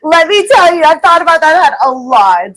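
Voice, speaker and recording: A woman's voice: very high-pitched, normal speed. A woman co-hosting a casual morning show, teasing and joking playfully. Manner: playful teasing, joking deadpan then laughing. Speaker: co-host. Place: taco restaurant.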